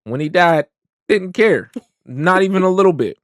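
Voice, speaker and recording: A man's voice: sits high, moderate pace, no echo, studio quality. A man co-hosting a reaction show, casually breaking down a TV episode and acting out how he reacted. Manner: animated storyteller, acts out his own reactions. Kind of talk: casual chat reviewing a TV episode.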